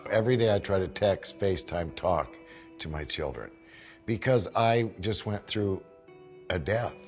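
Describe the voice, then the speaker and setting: An older man from the United States chatting in a video diary, emotional and folksy with rough jokes. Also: low voice, expressive, unhurried, darkish tone, soft background music. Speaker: reality TV bounty hunter. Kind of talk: casual video diary chat.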